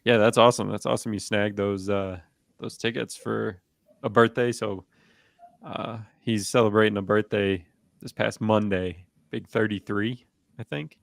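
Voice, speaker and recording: A man co-hosting a sports podcast, rambling in a relaxed way with lots of fillers and restarts. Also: fairly low pitch, moderate pace, creaky, no echo. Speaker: podcast co-host. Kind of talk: casual sports chat.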